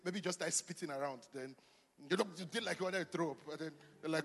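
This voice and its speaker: Animated male pastor in a reverberant church. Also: on the high side, fast. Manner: animated, chatty, jokes with the congregation. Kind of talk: sermon. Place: church hall with long reverb. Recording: live church hall reverb.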